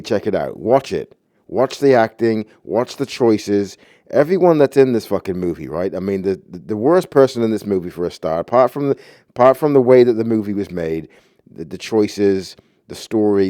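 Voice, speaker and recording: Guy swearing his way through a rambling movie rant, low dark voice, dry sound. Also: dry recording. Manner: profane, agitated, rambling. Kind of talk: ranting movie review.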